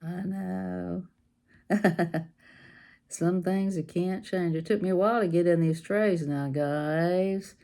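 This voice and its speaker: A woman's voice: lowish voice, fairly even intonation, slow, vocal fry, long pauses, warm tone. A woman, hosting a casual craft livestream, hyper and giggly, chatting while she works on a diamond painting. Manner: giggly, sings silly made-up songs, animal noises.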